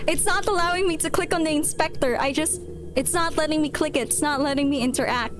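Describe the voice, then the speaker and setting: A woman's voice: high voice, fast, over music. A woman streaming a horror game, panicking and repeating herself as she talks to her chat. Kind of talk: live horror game commentary.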